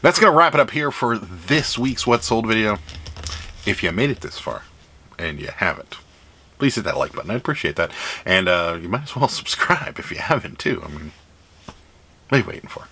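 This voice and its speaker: A man's voice: lowish voice, sing-song, normal speed, pushed and bright, slight background noise. A man hosting a casual show-and-tell vlog about items he has sold, chatting along with dry, wry asides. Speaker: reseller host.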